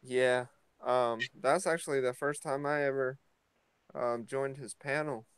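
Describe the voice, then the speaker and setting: A vlogger hosting a morning chat at home rambles casually as he steps out into his yard, relaxed but hesitant, full of fillers and restarts. His mid-range voice is smooth and measured, and the low-quality recording has no room sound.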